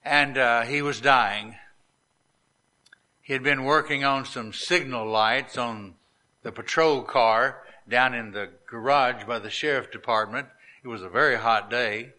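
A middle-aged man, a pastor, preaching a sermon and telling stories in an earnest, deliberate cadence. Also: medium pitch, bright, forceful tone. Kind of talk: sermon storytelling.

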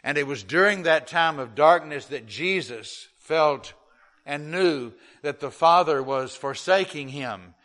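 A man's voice: on the high side, expressive, measured pace, fairly bright tone. A middle-aged male pastor preaching a sermon, earnestly reading and explaining scripture.

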